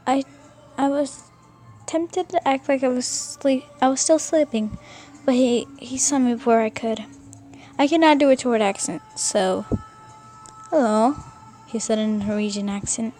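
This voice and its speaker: A woman's voice: high voice, normal speed, warm tone, faint music behind. A young woman casually reading a fan fiction story aloud, often stumbling and rereading words.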